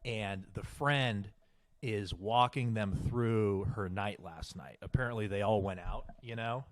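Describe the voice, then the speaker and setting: A man's voice: on the low side, measured pace, no echo. A young man telling a story on a casual podcast, swearing often and growing exasperated as he goes on. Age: young adult. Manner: animated, swearing, exasperated ranting. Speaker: podcast co-host.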